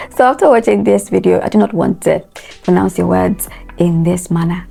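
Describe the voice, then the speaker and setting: A woman's voice: lowish voice, vocal fry, warm tone, slightly rough. A woman teaching English pronunciation. She spells words out letter by letter and repeats them, asking listeners to say them after her. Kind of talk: pronunciation lesson.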